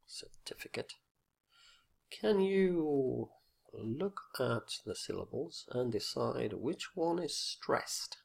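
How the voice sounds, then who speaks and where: A teacher trainer with a medium-pitched, creaky, slightly rough voice explains a teaching point in an instructional video lesson. He speaks deliberately with fillers, repeating example words with exaggerated stress.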